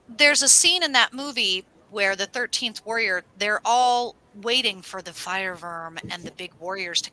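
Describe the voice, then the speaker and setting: A woman co-hosting an astrology livestream, telling rambling stories in a casual, animated way and swearing now and then. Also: medium pitch, low-quality recording. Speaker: astrology show co-host.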